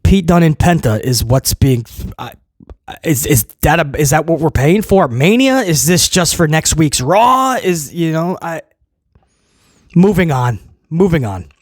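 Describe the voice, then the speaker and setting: A man's voice: fairly high pitch, animated, a little slow, dry recording, studio quality. A man giving a casual spoken review of a wrestling show, blunt and emphatic, piling up repeated phrases.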